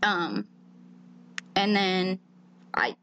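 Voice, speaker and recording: A woman's voice: fairly low pitch, big pitch swings, drawn-out words, a bit bright, lo-fi sound. A woman co-hosting a casual podcast, talking candidly and emotionally and swearing freely. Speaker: podcast co-host. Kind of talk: casual chat.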